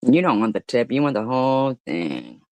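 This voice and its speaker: Gravelly, mocking woman streamer. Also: very deep voice, sing-song, moderate pace, a little mellow, no echo. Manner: blunt, profane, mocking retorts. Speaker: commentary streamer. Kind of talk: heckling commentary.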